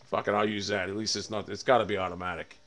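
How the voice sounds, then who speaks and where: A man streaming a shooter game, swearing often and swinging between loud frustrated rants and low muttering to himself. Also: level tone, fast. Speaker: gaming streamer. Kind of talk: live game commentary.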